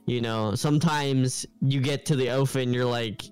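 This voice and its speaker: A man co-hosting a casual podcast, chatting excitedly and acting out scenes in quoted voices. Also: mid-range voice, moderate pace, clean tone, faint music behind. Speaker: podcast co-host. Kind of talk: casual chat.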